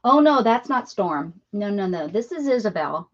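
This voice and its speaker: A woman's voice: mid-range voice, sing-song, moderate pace. A woman chatting casually while crafting on a live stream, greeting viewers by name and talking to her pets. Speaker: crafting livestream host. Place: home craft room. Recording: dull lo-fi stream audio.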